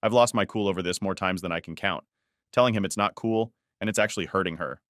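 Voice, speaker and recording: A man narrating first-person stories in an even, unhurried storytelling read. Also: low voice, dry recording, clean studio sound. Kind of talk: scripted narration.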